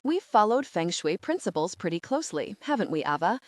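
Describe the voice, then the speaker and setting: A woman's voice: mid-range voice, very animated, a little fast, dry recording, studio quality, lightly acted. A woman reading the part of a proud, jovial male property developer who talks breezily about luxury homes. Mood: boastful.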